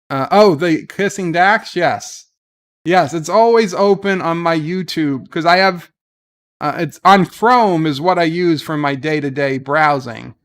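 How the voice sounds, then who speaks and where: A man with a somewhat high voice hosts a casual livestream and answers his chat. He rants bluntly and swears freely. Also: a bit bright. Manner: ranting, profane, blunt. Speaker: livestream host reading chat.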